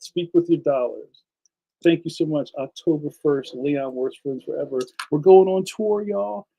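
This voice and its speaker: A man's voice: high voice, warm tone, low-quality recording. A man hosting a casual livestream, chatting enthusiastically and speaking straight to his viewers. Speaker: livestream host and cartoonist.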